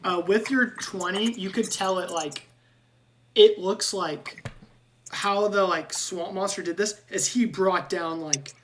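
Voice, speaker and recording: A woman running a tabletop game as dungeon master, speaking in halting bursts with frequent restarts. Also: medium pitch, a little hiss or hum. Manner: halting, restarts often with filler likes.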